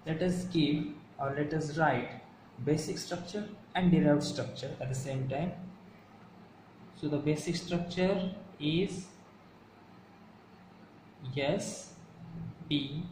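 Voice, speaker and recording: Slow, careful male grammar teacher. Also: a little high, darkish tone. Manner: slow, careful, repeats and rephrases points. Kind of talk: explaining a lesson to viewers. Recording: echoey room with faint background hum.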